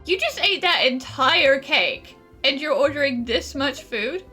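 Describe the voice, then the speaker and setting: Bright-voiced woman joking through a game. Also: sits high, animated, measured pace. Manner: jokey, laughs often, mock-dramatic. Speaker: gaming streamer. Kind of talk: casual game commentary. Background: game music.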